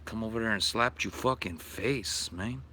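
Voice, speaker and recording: A man's voice: on the low side, moderate pace, bright, forceful tone, slight background noise. A man putting on the voice of a streetwise tough guy who taunts and threatens in a swaggering, profane way, recorded outdoors in a backyard at night. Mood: menacing taunt.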